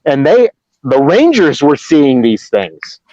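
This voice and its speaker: A man's voice: fairly high pitch, sing-song, slow, warm tone, no echo. A middle-aged man from Ohio, telling a story in a casual, rambling way, with restarts and acted-out quotes. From Ohio, USA. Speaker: Bigfoot researcher guest. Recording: dull lo-fi dry remote audio.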